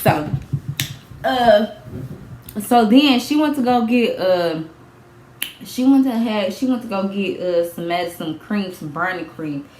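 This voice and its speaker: A young woman telling a storytime vlog in a casual, animated way, repeating herself, swearing and laughing as she goes. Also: medium pitch, measured pace, long pauses, roomy sound, slight background noise. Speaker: vlogger.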